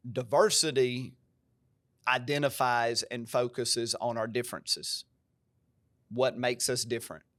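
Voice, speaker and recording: This mid-range, fairly bright male voice belongs to a country-twanged American pastor. He talks in a preacher-like, earnest and emphatic way during a podcast conversation, and the recording is dry.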